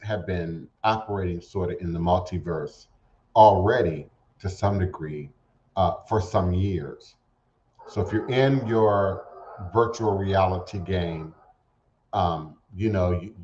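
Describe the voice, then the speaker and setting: A man's voice: on the low side, a little mellow. Male radio host, loose rambling monologue full of restarts, dull lo-fi stream sound. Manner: rambling, halting with repeated words. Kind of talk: casual spiritual talk show monologue. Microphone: home setup streamed to internet radio. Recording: roomy, dull lo-fi internet radio audio.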